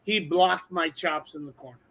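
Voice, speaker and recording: A man's voice: a little high, moderate pace, vocal fry, a bit bright. A man on a chat show, joking and telling wrestling stories. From United States. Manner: jokey, tells wrestling stories. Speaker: guest wrestler. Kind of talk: casual chat.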